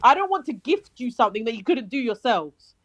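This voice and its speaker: Animated London woman, high-pitched. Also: a little fast, no room sound, rough recording. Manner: animated, swearing, self-interrupting. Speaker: panel guest. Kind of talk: casual football chat.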